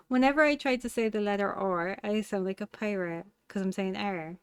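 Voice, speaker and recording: A woman's voice: medium pitch, a little fast, smooth, dry recording. A woman with a lilting Cork Irish accent talks loosely and playfully to her stream, teasing herself as she works with her hands. Her voice sits in an ordinary middle register. The sound is close and dry, with no room around it. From Cork, Ireland. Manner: chatty, playful and self-mocking, often laughing. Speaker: live streamer. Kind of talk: casual live-stream chat while crafting.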